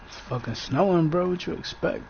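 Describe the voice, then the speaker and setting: A man's voice: fairly high pitch, a little fast, vocal fry, darkish tone, highs cut off. A man giving casual, laid-back gameplay commentary, swearing often. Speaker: gamer commenting on play.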